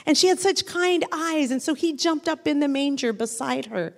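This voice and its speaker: A woman telling a story to a group of children, animated and asking them questions along the way. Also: high-pitched, normal speed, gravelly, long reverb tail.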